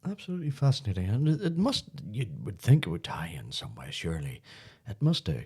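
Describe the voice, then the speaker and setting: A male podcast host with a low, mellow voice. He responds to his guest with eager, admiring interjections in a casual interview. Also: sing-song, brisk, slightly rough.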